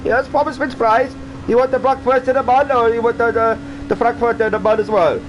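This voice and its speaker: A man voicing a jokey German snack vendor in an exaggerated, high mock German accent. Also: steady tone, brisk, highs cut off. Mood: mock-jovial. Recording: noisy home stream audio.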